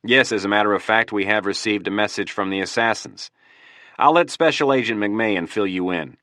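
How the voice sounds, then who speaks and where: A formal, businesslike agency director, voiced by a male audiobook narrator. Low and crisp, recorded dry. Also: fairly quick, bright, forceful tone, no echo.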